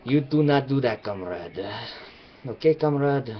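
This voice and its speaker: A menacing male official who talks slowly and sinks very low at the ends of his lines, as a man puts him on. The audio is dull and lo-fi, like a cheap home webcam. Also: expressive. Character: menacing male Russian official, says comrade.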